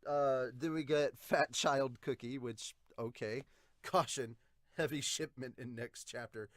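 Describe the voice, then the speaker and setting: A man with a mid-range voice hosts an anime podcast and reads viewer comments in a relaxed, chatty way. He swears now and then and laughs easily. His voice is recorded close and dry, with no room sound. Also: mid-range voice, measured pace, no echo. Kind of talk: casual comment-reading review.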